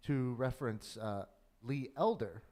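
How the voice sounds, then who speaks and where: A man who produces a podcast, chiming in with understated, deadpan remarks. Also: mid-range voice, unhurried. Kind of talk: casual conversation.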